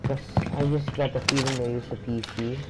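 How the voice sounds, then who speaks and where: Young man gaming over loud gunfire. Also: mid-range voice, fairly quick, very noisy. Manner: excitable, swears, calls out plays. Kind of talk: casual gaming chat. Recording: loud gunfire game audio behind. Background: game gunfire and vehicles.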